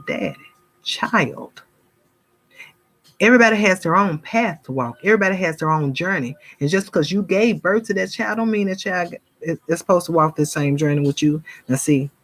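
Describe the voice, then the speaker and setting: Her fairly low, animated voice moves at a normal pace as she preaches with fervor to y'all. The spiritual vlogger's casual monologue to viewers includes moments of mimicking gossip.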